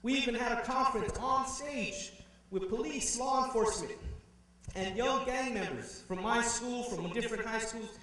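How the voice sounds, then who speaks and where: A young man telling a personal story in an animated way as a conference speaker, heard from afar in a big hall with a faint hum. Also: extremely high pitch, moderate pace, far from the mic. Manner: animated, acts out quoted voices.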